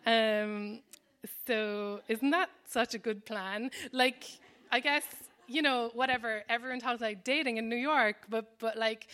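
This is a woman in her thirties with an Irish accent, doing stand-up storytelling. Her voice sits slightly high. She rambles and mocks herself, tossing in "like" and "um" as she goes. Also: fairly even intonation, measured pace, fairly bright tone. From Ireland. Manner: rambling, self-deprecating, lots of fillers. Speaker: comedian. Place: New York.

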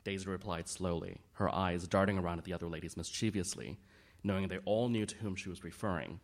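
A male audiobook narrator with a lowish voice. He reads in an even, measured storytelling manner. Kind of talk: scripted narration.

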